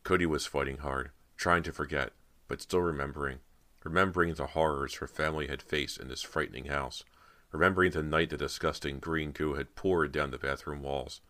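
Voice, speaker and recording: A man narrating a horror audiobook in a measured, dramatic reading. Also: very deep voice, steady tone, pushed and bright.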